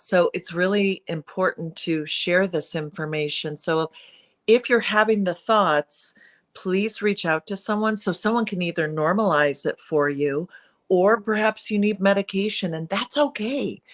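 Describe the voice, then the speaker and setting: A middle-aged woman with a lowish voice talks openly in an interview. Her delivery is earnest and confessional, and she leans into emphatic, pleading phrases when she urges listeners to act. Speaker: guest, perinatal mood disorder speaker. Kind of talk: candid interview conversation.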